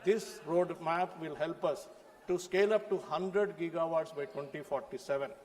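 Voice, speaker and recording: A man with an Indian English accent delivers a parliamentary speech in a high voice, emphatic and rhetorical as he addresses the chair. His voice carries the long reverb of a large chamber. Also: normal speed, darkish tone. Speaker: member of parliament.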